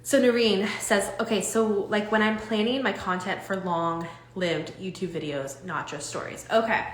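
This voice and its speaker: A young woman coaching her audience on a live stream, talking in an animated, rambling way with many restarts. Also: medium pitch, normal speed, reverberant, slight background noise.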